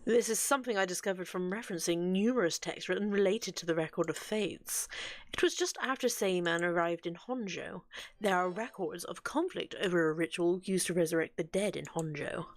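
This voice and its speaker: A woman reading game dialogue aloud for an earnest, scholarly male occult researcher, with a measured, explanatory delivery. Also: on the low side, natural voice.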